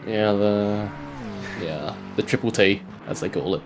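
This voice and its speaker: A man's voice: fairly low pitch, a little slow, over music. A man commentating on a live sim race in casual, joking banter.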